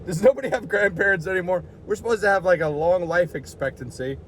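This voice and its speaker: A grumbling, fed-up old-timer, put on by a man, raising his voice in disbelief. It sits well above his usual pitch, with a faint hum of traffic behind. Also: quick pace, close to an everyday voice. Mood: exasperated. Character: weary old person fed up with the world.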